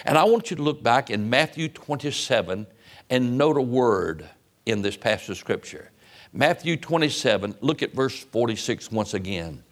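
A man preaching a sermon in church, moving from low, measured Scripture reading to high, impassioned cries. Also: a bit bright. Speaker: pastor. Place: church, broadcast on radio and internet.

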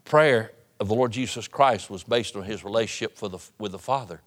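A man preaching a sermon, swinging between loud appeals and hushed tones. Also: on the low side, brisk. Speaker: pastor. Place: church sanctuary.

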